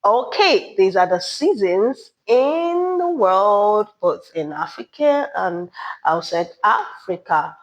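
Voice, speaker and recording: A woman teaches beginners at an unhurried pace. Her pitch rises and falls a lot as she stresses each new word. She often checks in with "okay?" and asks for repetition. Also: sing-song, dull audio. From Nigeria. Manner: drills words slowly, asks learners to repeat, checks with "okay?". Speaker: French teacher. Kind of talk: beginner language lesson.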